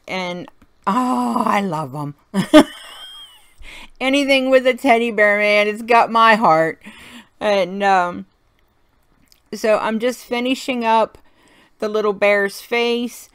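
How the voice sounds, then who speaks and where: A woman talks her way through a coloring and card-making tutorial in a friendly, chatty voice. Her pitch sits in the middle of the usual range. She laughs often and keeps the talk loose and folksy. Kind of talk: casual crafting tutorial narration.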